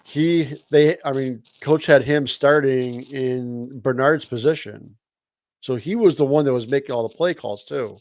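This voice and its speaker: A man's voice: mid-range voice, measured pace, no room sound, rough recording. Laid-back man in sports chat. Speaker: podcast co-host.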